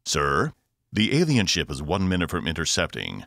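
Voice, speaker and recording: Male narrator as a level-headed crew officer, low and factual, dry read. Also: wildly swooping pitch, moderate pace, creaky, a bit bright, dry recording, heavily acted. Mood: steady.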